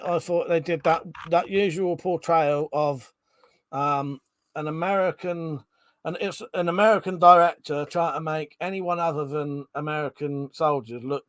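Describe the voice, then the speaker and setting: A man's voice: a little high, fairly even intonation, a little slow, a bit bright, dry recording. A man chatting casually on a live stream, reading out chat messages and swearing freely.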